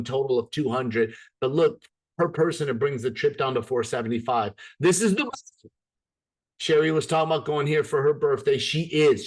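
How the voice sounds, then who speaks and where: A man giving an upbeat, persuasive sales presentation to a live group. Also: mid-range voice.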